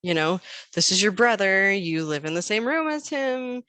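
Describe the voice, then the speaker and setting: Chatting casually as a podcast guest, this woman in her thirties recounts family anecdotes and plays out the quoted speech with animated flair. She speaks at medium pitch and moderate pace, her tone clean and the recording free of room sound.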